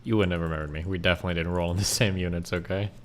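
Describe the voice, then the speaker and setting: A man's voice: sits low, fairly even intonation, racing. A man streaming a game and chatting with friends, grumpy and sarcastic in his banter. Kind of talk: casual chat on a live stream while gaming.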